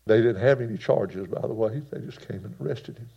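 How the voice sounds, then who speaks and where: A preacher with a gravelly, rough-edged voice delivers a folksy sermon. He swings from hushed, quiet passages to loud, emphatic bursts. The recording sounds dull and lo-fi. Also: medium pitch, a little fast. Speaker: pastor.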